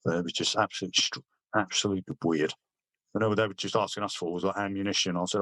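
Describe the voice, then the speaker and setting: Blunt sweary veteran, low voice. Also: male voice, steady tone, pushed and bright, dry recording. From Britain. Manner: blunt, sweary, halting with restarts. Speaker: army veteran guest. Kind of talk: casual interview storytelling.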